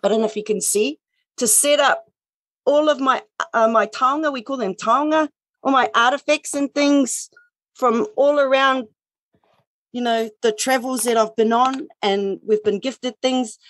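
A woman's voice: sits high, a little slow, dry recording. Earnest New Zealand woman on a video call. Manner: earnest, animated, with frequent fillers and restarts. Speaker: indigenous speaker in a sharing circle. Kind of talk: casual online sharing circle talk.

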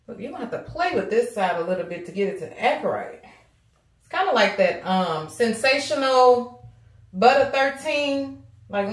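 Woman, fairly high voice, casual wig review vlog, chatty, says honey and baby, roomy echo. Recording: echoey room.

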